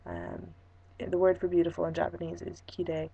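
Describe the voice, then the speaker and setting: Hoarse young woman vlogger, low and gravelly, rambling with plenty of ums. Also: little pitch movement, normal speed, dark tone, highs cut off. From Fresno, California. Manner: rambling, lots of ums and restarts. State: hoarse, losing her voice. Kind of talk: casual vlog chat.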